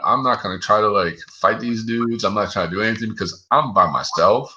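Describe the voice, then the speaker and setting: A man's voice: on the low side, fast talker, hardly any pauses, pushed and bright, dull audio. A man, the guest on an interview show, telling a long story in a loose, profane way, full of 'dude' and 'like'. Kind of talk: casual storytelling.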